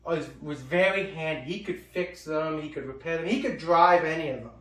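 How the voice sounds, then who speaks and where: A man with a high voice tells rowdy family stories in casual chat, swearing freely and acting out each character. He sounds set back from the mic in an echoey room. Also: brisk, recorded from a distance. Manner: animated, swears freely, acts out quoted people. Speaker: storyteller, co-host. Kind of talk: casual storytelling.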